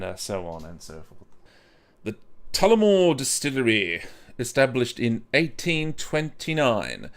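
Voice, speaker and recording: A man hosting a casual whisky review, rambling and joking at his own expense, with many restarts and stumbles. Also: medium pitch. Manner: rambling, jokey and self-mocking.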